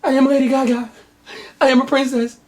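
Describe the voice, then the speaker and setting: A woman's voice: a little high, takes it slowly, darkish tone, voice pushed up. A woman doing a weepy melodramatic runaway princess. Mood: tearful. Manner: melodramatic, gasping exclamations.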